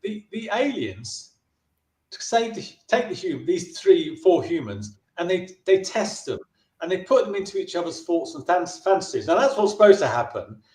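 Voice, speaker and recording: A man with a notably high voice tells a rambling anecdote as an interview guest. He restarts his sentences often and slips into quick impressions of other people. The recording sounds roomy and echoey. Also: sing-song, darkish tone. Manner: chatty, with frequent restarts and brief put-on voices for the people in his stories. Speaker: filmmaker interviewee. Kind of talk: anecdotal storytelling in a casual interview.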